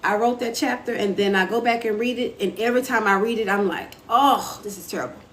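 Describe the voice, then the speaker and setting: A woman's voice: on the high side, steady tone, fast talker. Chatty woman hosting a phone live stream. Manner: chatty, reads and answers viewer comments. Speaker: author and live-stream host. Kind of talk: casual motivational live-stream talk. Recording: echoey room with faint ambient noise.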